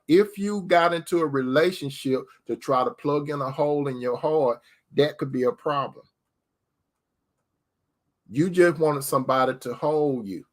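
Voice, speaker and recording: Man, slightly high voice, preachy rhetorical questions, relationship advice. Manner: addresses listeners as sister, repeats key phrases. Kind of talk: preacher-style relationship talk.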